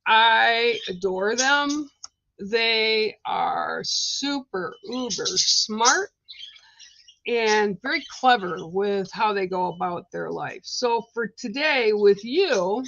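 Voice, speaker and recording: A woman's voice: a little high, lively intonation, slow, fairly bright tone, no echo, lo-fi sound. A woman giving psychic card readings on a livestream, speaking in a meandering way with many fillers.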